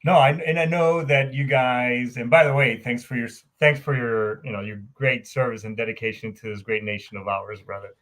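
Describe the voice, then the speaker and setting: A man hosting a casual chat, telling stories in an animated, profane way with many fillers. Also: medium pitch, moderate pace, few pauses. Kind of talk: casual conversation.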